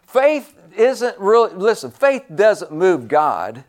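Preacher guy, kinda high voice, slow and drawn out, repeats stuff, goes loud then quiet. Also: sing-song. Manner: emphatic, repeats phrases, swings from loud to hushed. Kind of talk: sermon.

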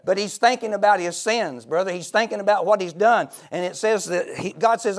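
A man preaching a fervent sermon who swings between hushed, intimate talk and loud shouts, with frequent laughter. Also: sits high, a little fast, few pauses.

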